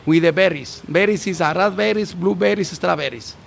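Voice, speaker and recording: Chef from Mexico, gravelly voice, halting English, interviewed outdoors on a rooftop. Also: male voice, high voice, slight background noise. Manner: halting, broken English with restarts. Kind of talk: casual interview. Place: restaurant rooftop bar, outdoors.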